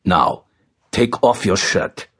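A man voicing a stern, angry middle-aged father who gives slow, harsh commands in a husky voice. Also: deep voice, expressive, a bit bright, pitched below the performer's own voice, heavily acted.

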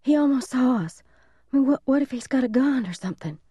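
A woman voicing a scared, timid young boy who pleads in a high, shaky whisper. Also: lively intonation, quick pace, mellow, husky, no room sound, studio quality. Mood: frightened pleading.

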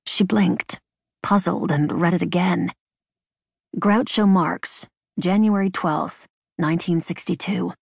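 A woman reading an unabridged novel in measured, even scripted narration. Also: lowish voice, creaky, husky, no room sound. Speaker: audiobook narrator. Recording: dry studio booth.

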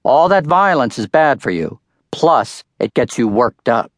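A man's voice: mid-range voice, animated, a little slow, dry recording, close to an everyday voice. A man voicing a stern, scolding farm mother who talks sharply.

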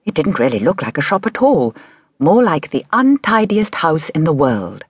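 A woman narrating a children's audiobook in a measured, expressive storytelling manner. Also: low voice, breathy edge, no echo.

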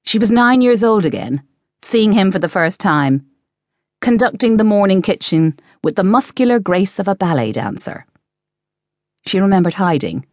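A woman reading a novel aloud as audiobook narrator, in measured scripted narration. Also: lowish voice, darkish tone, no echo, clean studio sound. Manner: measured storytelling.

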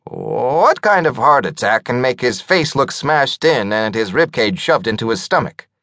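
A man's voice: medium pitch, big pitch swings, measured pace, sharp tone, dry recording, studio quality, voice pushed up, heavily acted. A man voicing a pompous, self-important little rodent official who gets flustered easily. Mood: officious.

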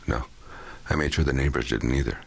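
A wealthy man shaken but holding his composure, as a male reader puts him on. He answers in low, clipped, guarded phrases, his voice extremely deep and husky. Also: fairly even intonation, a little fast, exaggerated voice. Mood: guarded, tense.

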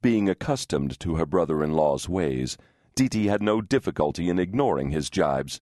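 A male audiobook narrator with a very deep voice that still moves a lot in pitch, telling the story in a measured, expressive way. He is recorded dry and close on a studio microphone, with no room sound. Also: no echo. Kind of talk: scripted narration.

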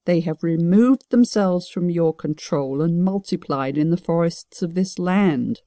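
A woman's voice: on the low side, measured pace, mellow, no echo, clean studio sound, natural voice. A woman voicing a proud, scornful male dragon elder who challenges and accuses in an audiobook.

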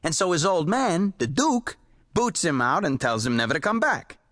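A man voicing an excitable, boastful male pulp writer who rambles eagerly in folksy slang. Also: fairly high pitch, normal speed, dry recording, clean studio sound. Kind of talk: audiobook character voice.

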